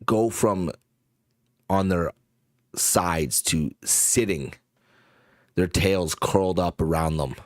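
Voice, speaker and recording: Deep voiced dude running a tabletop game, slow, lots of like and um, dry close mic. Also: male voice, a little mellow, no room sound. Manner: halting, searching for words with many fillers. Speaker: game master.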